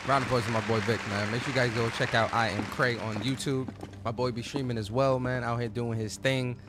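Man, gaming streamer, slang-heavy live chat, mid pitch. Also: steady tone, brisk, a loud crowd, very noisy. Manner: casual, slangy, greeting viewers by name. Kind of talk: live let's play commentary.

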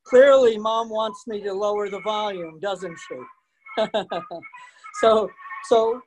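A man presenting a virtual museum program over a video call, jokey and animated, laughing often and talking directly to the children watching. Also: sits high, takes it slowly, slight background noise. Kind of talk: interactive virtual presentation for families.

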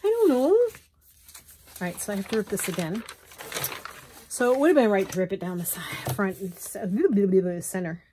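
A woman's voice: mid-range voice, brisk, mellow, slight background noise. A woman chatting casually through a crafting vlog at home, rambling and poking fun at herself with frequent little laughs. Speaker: journaling crafter.

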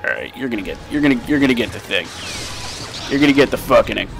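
A young man casually commenting on his gameplay as a let's play host, excitable and profane and often laughing, recorded on a desk microphone. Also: mid-range voice, fast talker, vocal fry, music in the background.

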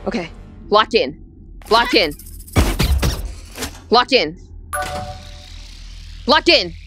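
A woman playing a VR game and commenting as she goes, excitable and quick to yelp apologies. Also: mid-range voice, music in the background. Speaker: gaming YouTuber. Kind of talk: let's play commentary.

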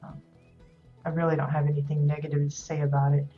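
A woman's voice: deep voice, little pitch movement, quick pace, dull audio, soft background music. A woman hosting a casual video tour of player-built homes in a game, talking loosely with lots of ums and restarts. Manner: rambling, many ums and restarts. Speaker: host touring player houses in a game.

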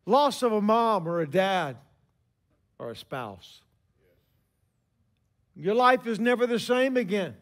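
A man in his sixties preaching a sermon, telling stories with emphatic pauses. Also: high voice, lively intonation.

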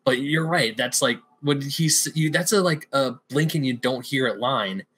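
A man's voice: medium pitch, normal speed, a little hiss or hum. A young man co-hosting a podcast, casually retelling scenes and quoting lines in playful voices. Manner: animated storyteller, quotes lines in voices. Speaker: podcast co-host. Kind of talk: casual chat.

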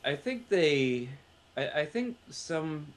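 A man co-hosting a casual film podcast, adding jokes and quick comments. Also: a little high, big pitch swings. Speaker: podcast co-host. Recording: faint background noise.

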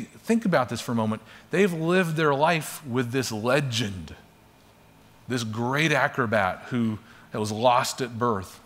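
A man's voice: mid-range voice, a bit bright. Guy telling a parable in class, chatty storyteller, mid voice, long hall echo. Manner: conversational storyteller, acts out quotes. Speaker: teacher. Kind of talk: teaching with storytelling.

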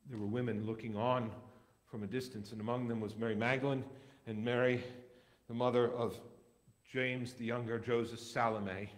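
A man reading scripture aloud as a dramatic recitation in a church, measured, with wide swings in loudness. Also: mid-range voice, flat delivery. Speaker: scripture reader.

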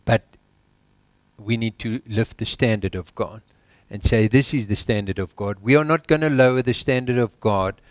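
With rhetorical questions and a voice that drops low for emphasis, a South African pastor preaches an exhorting sermon in church. The recording has no room sound.

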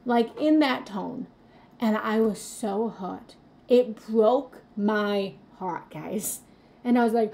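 A woman's voice: a little high, slow pace, vocal fry, dark tone. A woman hosting a live motivational talk as a spiritual coach, speaking earnestly and confessionally and addressing her viewers directly.

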